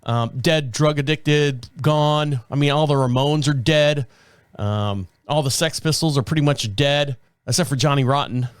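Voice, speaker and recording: A man's voice: a little high, measured pace, clear, resonant tone, no room sound. A middle-aged man hosting a show, telling rambling stories in casual chat, laughing often and acting out quotes. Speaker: show host.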